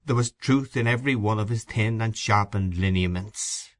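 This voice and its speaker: A man narrating a classic storybook in a measured, steady way. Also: lowish voice. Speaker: audiobook reader.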